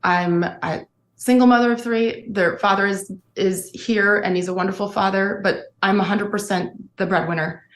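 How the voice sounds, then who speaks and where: A woman's voice: mid-range voice, steady tone, normal speed. Earnest woman in an echoey room. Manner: emotional, earnest storytelling. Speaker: guest, former sportscaster. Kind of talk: candid interview.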